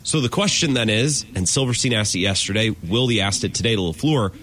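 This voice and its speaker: A man co-hosting a sports talk show, speaking in a measured, analytical way with some stammered restarts. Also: lowish voice, lively intonation, fairly bright tone.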